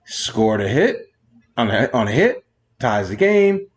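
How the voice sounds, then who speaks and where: A man's voice: mid-range voice, big pitch swings, a little slow. A man hosting a sports show, ranting in a rambling monologue full of digressions, exasperated with new rules. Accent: New York. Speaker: sports radio host.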